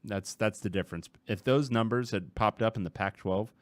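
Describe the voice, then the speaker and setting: A man's voice: fairly low pitch, normal speed, no room sound. A man co-hosting a sports podcast, joking and laughing through casual chat. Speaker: podcast co-host.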